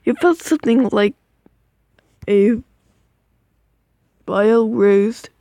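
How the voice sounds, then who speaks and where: A woman's voice: a little high, takes it slowly, dark tone, no room sound. A sleepy, yawning woman reading a second-person fan story aloud into a phone, stumbling over words and stopping to comment on the text. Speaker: reader of fan fiction. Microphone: phone microphone.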